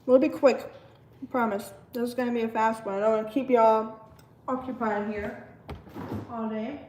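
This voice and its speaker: A woman hosting a casual live cooking stream, chatting with viewers in a relaxed way. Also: a little high, moderate pace, a little hiss or hum. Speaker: livestream cooking host.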